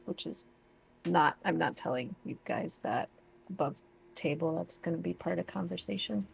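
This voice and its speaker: A woman's voice: lowish voice, normal speed, gravelly, breathy edge, rough recording. A woman playing in a tabletop game, chatting in a casual, frank way. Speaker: player.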